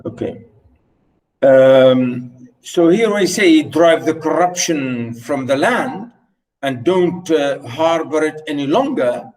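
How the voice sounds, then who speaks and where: A man's voice: fairly high pitch, animated, slow pace, darkish tone, recorded from a distance, rough recording. A man teaching a play, hesitant, with many fillers, repeating and rewording phrases as he explains. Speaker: literature teacher.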